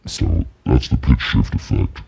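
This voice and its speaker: A man speaking casually through a pitch-shift effect that drops his voice very low. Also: big pitch swings, measured pace, vocal fry, warm tone, slightly rough. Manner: casual mic check. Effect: pitch shifter dropping the voice very low.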